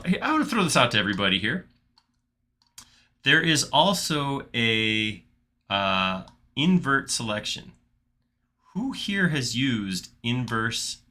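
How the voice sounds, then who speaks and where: A man hosting a live software modeling stream, thinking aloud in casual chat as he works. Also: medium pitch, very animated, takes it slowly, pauses often. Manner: chatty, thinks aloud with restarts while clicking. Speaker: livestream host modeling in software.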